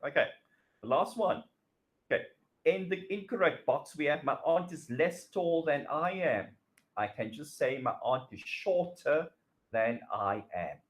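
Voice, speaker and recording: A middle-aged man teaching a recorded grammar lesson, slow and patient, repeating phrases and asking the students questions. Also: on the high side, lively intonation. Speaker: English teacher.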